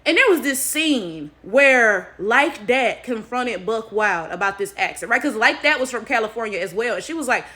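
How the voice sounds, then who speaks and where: Bright-voiced animated woman vlogger. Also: fairly high pitch, normal speed, hardly any pauses. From United States. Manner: animated, talks straight to viewers. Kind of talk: casual commentary to camera.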